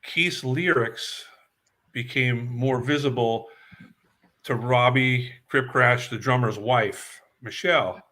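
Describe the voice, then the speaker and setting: An older man from New York recalls his band days in a bright, forceful voice. He rambles through his stories and repeats words as the memories come back. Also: mid-range voice, takes it slowly. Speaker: guest musician. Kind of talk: casual storytelling interview.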